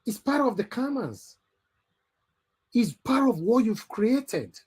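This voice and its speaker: A man with a Nigerian Pidgin English accent hosting an online call-in show, lecturing in a preachy way that rises to loud emphatic bursts. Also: very high-pitched, very animated, slow pace, husky. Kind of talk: impassioned live talk show.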